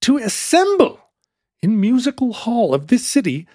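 A man's voice: high voice, lively intonation, quick pace, a little mellow, dry recording, studio quality. A man voicing a grandiose self-declared emperor who reads out a formal proclamation in a vague, made-up accent. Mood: pompous, proclaiming. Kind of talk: comic reading in a put-on voice.

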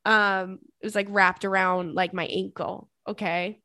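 A woman hosting a podcast, telling a story in casual chat, animated, laughing often and swearing freely. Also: medium pitch, measured pace, no room sound, studio quality. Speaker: podcast host.

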